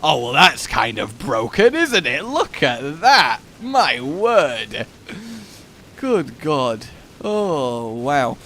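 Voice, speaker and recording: A man in his twenties, chatting over gameplay and telling a funny story with excitable outbursts. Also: mid-range voice, very slow, a little hiss or hum. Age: 20s. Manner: excitable anecdote-telling, bursts into loud exclamations. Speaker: gaming YouTuber.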